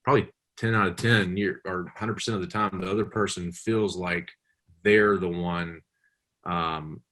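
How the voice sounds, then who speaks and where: A Southern man talks as a podcast guest in a fairly low voice. He is chatty and laid back, and his anecdotes are loose and full of fillers. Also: fairly even intonation, normal speed, fairly bright tone. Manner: chatty storyteller, many fillers. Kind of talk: casual chat.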